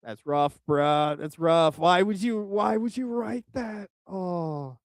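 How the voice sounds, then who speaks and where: A man's voice: high-pitched, slow, dry recording. A young man from Oklahoma giving crude, exasperated reaction commentary on a video as a streamer, with frequent restarts.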